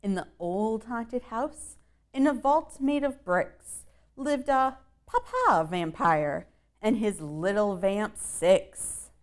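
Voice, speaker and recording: A woman reads a children's picture book aloud at a very unhurried pace, and her pitch rises and falls a lot. She reads the rhymes in a sing-song way and stops to ask her young listeners questions. Her voice sits in a middle register. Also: sing-song. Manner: sing-song rhyming delivery with playful asides.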